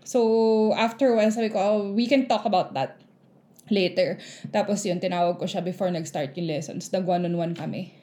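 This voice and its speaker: A woman's voice: medium pitch, brisk, mellow. A woman, a teacher telling a story in casual chat and acting out the people in it. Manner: mixes languages, acts out quoted kids and adults.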